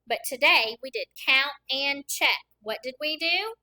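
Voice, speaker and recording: Bright, slow-spoken kindergarten teacher woman. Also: high-pitched, animated, rough recording. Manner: encouraging, counts aloud slowly for young children. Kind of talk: recorded classroom lesson.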